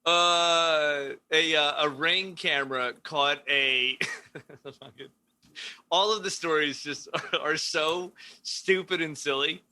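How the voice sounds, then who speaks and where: Guy on a comedy podcast, kinda high and really bright voice, telling goofy stories. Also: steady tone. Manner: joking, storytelling with quick impressions and frequent laughs. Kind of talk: casual comedic chat.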